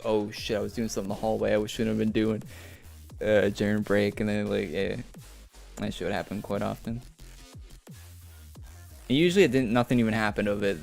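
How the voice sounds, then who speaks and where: A young man streaming a game, rambling through school stories in casual chat. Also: mid-range voice. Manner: rambling storytelling with laughs. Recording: faint music behind.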